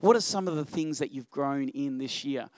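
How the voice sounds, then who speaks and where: A middle-aged man preaching a church sermon, animated, asking rhetorical questions and swinging between loud urging and quiet reflection. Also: medium pitch, normal speed, no echo. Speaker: pastor.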